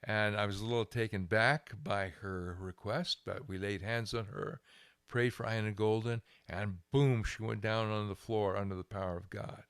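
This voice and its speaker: An older man, a guest minister, telling a lively anecdote in an interview, chuckling and restarting his phrases. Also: fairly low pitch, normal speed, gravelly, smooth, no echo, studio quality. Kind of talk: storytelling interview.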